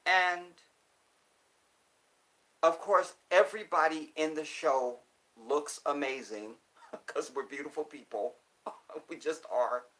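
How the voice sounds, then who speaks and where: A man's voice: a little high, slow, long pauses, pushed and bright, low-quality recording. A man speaking casually and emphatically to his viewers, repeating his points for stress. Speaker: commentator. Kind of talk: casual monologue.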